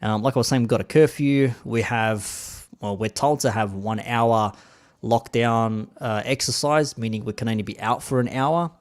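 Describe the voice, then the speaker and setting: A man's voice: mid-range voice, normal speed. A man in his thirties with an Australian accent, hosting a laid-back, rambling live-stream chat in plain slang.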